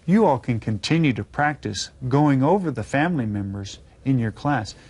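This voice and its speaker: A man's voice: mid-range voice, animated, normal speed, darkish tone, husky. A man teaching a video Spanish lesson to children, patiently spelling words out letter by letter.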